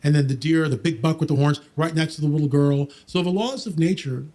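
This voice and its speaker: A man talking quickly and emphatically about Bible prophecy on a podcast, quoting scripture and mocking skeptics. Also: fairly high pitch, dark tone. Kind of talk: fast, preachy podcast talk.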